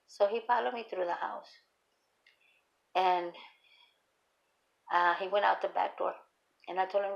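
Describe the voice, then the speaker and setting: A middle-aged woman rambling through a personal story, acting out the dialogue, with a gravelly voice. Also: mid-range voice, fairly even intonation, normal speed, reverberant, low-quality recording. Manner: rambling, acts out quoted dialogue. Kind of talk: casual storytelling.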